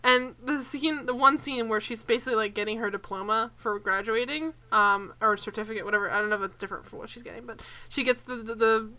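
Woman, podcast co-host; high bright voice, animated ranting delivery. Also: fast talker. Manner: animated, ranting, swears a lot, laughs often. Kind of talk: casual chat.

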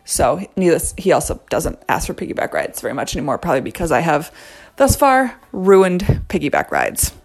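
A woman's voice: low voice, very animated, moderate pace, creaky, breathy edge. A woman in her thirties telling a self-deprecating story in a chatty way, full of "um" and "like". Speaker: guest storyteller. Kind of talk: casual storytelling.

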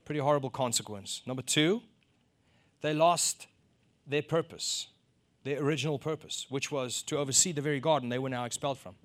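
A middle-aged man from South Africa preaching a sermon, telling a personal story and acting out the exchanges he describes, rising to loud emphasis. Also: medium pitch, a little fast.

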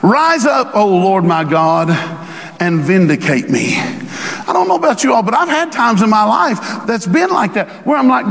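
A man preaching a sermon as pastor, swinging between emphatic shouts and slow, drawn-out lines. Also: high voice, sing-song, vocal fry. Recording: long hall reverb.

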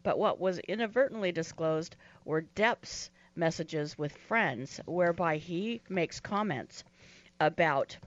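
A woman on a panel walking through a legal case at a steady pace, with frequent fillers. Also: sits low, highs cut off. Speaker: legal commentator.

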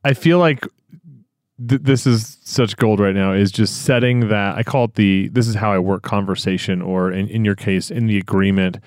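Low-voiced podcast host, dry sound. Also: male voice, fairly even intonation, moderate pace, a little mellow, dry recording. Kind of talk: casual podcast conversation.

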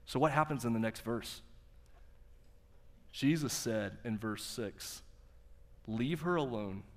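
A middle-aged male pastor giving a sermon, conversational and animated, asking the listeners rhetorical questions. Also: medium pitch, slow pace. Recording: long reverb of a large hall.

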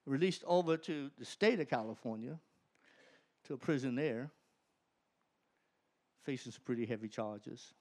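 A man telling his personal testimony to an audience, animated and often laughing mid-sentence as the story builds. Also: mid-range voice, a little slow, pauses often. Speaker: speaker giving a personal testimony.

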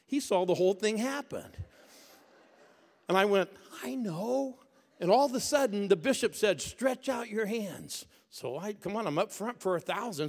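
An older man preaching a storytelling sermon to a congregation in a church, animated and building to excited shouts. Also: a little high, gravelly. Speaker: pastor. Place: church auditorium. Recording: echoey church hall.

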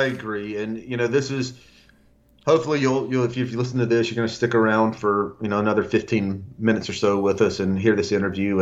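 A man's voice: on the low side, highs cut off. A man co-hosting a casual music podcast, rambling with restarts as he recommends a band. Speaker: podcast co-host.

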